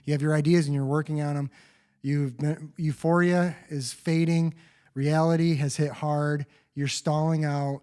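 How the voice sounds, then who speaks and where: A man's voice: fairly high pitch, flat delivery, unhurried, dark tone, smooth. A man co-hosting a podcast in casual chat, rambling and restarting his thoughts as he goes. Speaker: podcast co-host.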